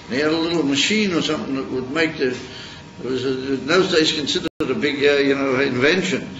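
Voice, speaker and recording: A man teaching Chassidus in an informal Torah lecture, halting and searching for words as he tells a story. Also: mid-range voice. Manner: halting, searching for words, mixing Yiddish and Hebrew terms. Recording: roomy, dull, noisy recording.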